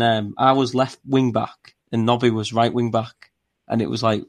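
A man co-hosting a podcast, telling casual stories in a rambling way with many fillers. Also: mid-range voice. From not from Newcastle. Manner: rambling, filler-heavy storytelling. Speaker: podcast co-host. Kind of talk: casual chat.

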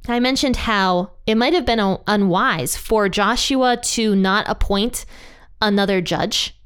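A woman's voice: mid-range voice, measured pace, a bit bright, clear, resonant tone. A woman teaching a casual Bible study, reading scripture aloud and chatting with small laughs at herself.

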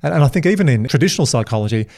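Man, podcast host, energetic, emphatic, mid-pitched voice. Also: racing, vocal fry. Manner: energetic, emphatic, animated storytelling. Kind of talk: casual podcast chat.

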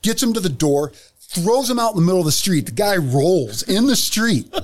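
A man co-hosting a podcast, telling old police stories in a casual, animated way, swearing and laughing often. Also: high voice, moderate pace, dry recording. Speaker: podcast co-host, former police officer. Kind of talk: casual storytelling chat.

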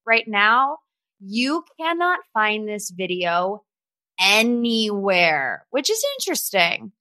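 Brief: female podcast host, chatty and gossipy, bright tone, dry close recording. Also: on the high side, no echo. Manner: chatty, gossipy, sarcastic asides. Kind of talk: casual pop culture chat.

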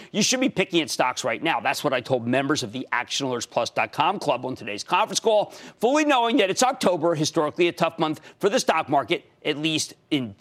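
A man with a Pennsylvania accent hosting a stock market show, emphatic and excitable, breaking into shouts of enthusiasm. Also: fairly high pitch. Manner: emphatic, shouts bursts of enthusiasm, fast and animated. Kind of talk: excitable financial commentary.

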